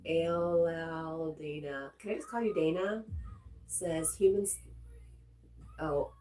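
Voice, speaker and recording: A woman with a low, warm voice hosts a laid-back livestream. She greets viewers by name and reads their comments aloud, talking in a relaxed, friendly way. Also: slow, soft background music, low-quality recording. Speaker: livestream host reading chat. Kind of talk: casual livestream chat.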